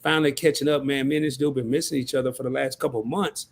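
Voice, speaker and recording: A man's voice: medium pitch, steady tone, fast, creaky. A man hosting a live stream, chatting loosely in slang and reading out viewer messages. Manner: loose slangy talk, reads out chat messages. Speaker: livestream host. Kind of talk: casual livestream chat.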